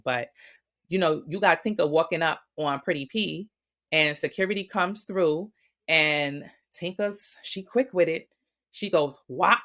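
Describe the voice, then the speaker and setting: Low-voiced woman dishing blunt gossip. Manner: blunt, profane, animated storytelling. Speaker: recap host. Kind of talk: casual gossip recap.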